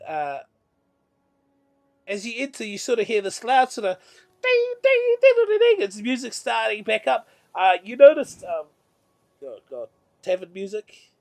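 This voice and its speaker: A man's voice: high-pitched, lively intonation, a little slow, vocal fry, long pauses, darkish tone. A man narrating as game master of a tabletop game, meandering and often correcting himself.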